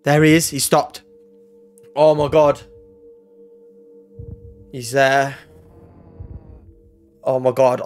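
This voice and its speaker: A man's voice: medium pitch, fairly even intonation, very slow, pauses often, a little mellow, faint music behind. A young man giving live gameplay commentary, swearing, yelping and screaming in panic, and talking to his chat. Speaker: gaming YouTuber.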